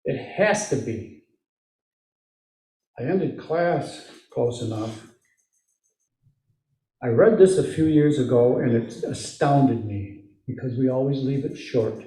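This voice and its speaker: Slow-talking Midwestern man preaching in a church. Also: medium pitch, expressive, mellow. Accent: Midwestern American. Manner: conversational, questioning, with asides. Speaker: lay preacher. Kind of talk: sermon. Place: church sanctuary. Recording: echoey church room, mic at a distance.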